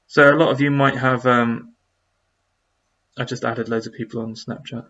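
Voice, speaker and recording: A man chats loosely on a live stream, reading viewer questions aloud and wandering through his answers with plenty of ums. His voice sits at an ordinary middle pitch. The stream audio is a little dull and lo-fi. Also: steady tone, normal speed, vocal fry, pauses often, pushed and bright, husky. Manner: rambling, reads out chat messages with many fillers. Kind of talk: casual live-stream chat.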